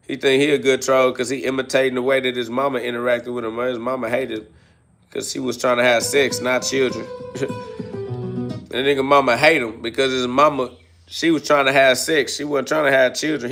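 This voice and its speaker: A man's voice: medium pitch, a bit bright. A man hosting a live self-talk podcast, preaching and mocking a troll in heavy slang. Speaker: podcast host.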